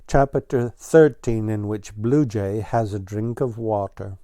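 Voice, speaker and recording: A man narrates a children's storybook in a gentle, even manner. He reads slowly in a dark, mellow voice. The recording is dry and close, with no room sound. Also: lowish voice, no echo. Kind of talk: storybook read-aloud.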